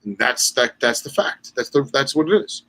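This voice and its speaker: A man chatting loosely on a podcast with a bright, forward tone. He tells stories in an animated way and jumps into voices for the people he quotes. His speech stays loose, full of "like" and restarts, at an ordinary middle pitch. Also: moderate pace, rough recording. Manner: animated storyteller acting out quoted dialogue; loose, with many fillers and restarts. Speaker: podcast co-host. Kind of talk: casual chat.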